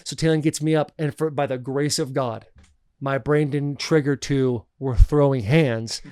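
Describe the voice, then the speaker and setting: Male podcast co-host, casual storyteller, profane and animated, smooth clean voice, dry close mic. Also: medium pitch, measured pace, no echo. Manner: animated, profane, laughs often.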